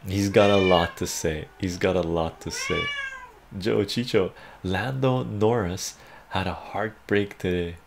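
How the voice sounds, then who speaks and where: A man's voice: deep voice, a little slow, creaky, a little hiss or hum. A man hosting a live stream from home, chatting casually and reading out viewer comments, laughing often and thinking aloud. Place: home room with a meowing cat.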